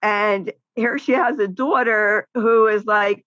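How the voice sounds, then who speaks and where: A woman's voice: medium pitch, slow, no echo, dull audio. A middle-aged woman, a podcast guest, talking casually and outspokenly about caregiving, telling stories with laughs. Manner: outspoken, animated storytelling with laughs. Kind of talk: casual interview conversation.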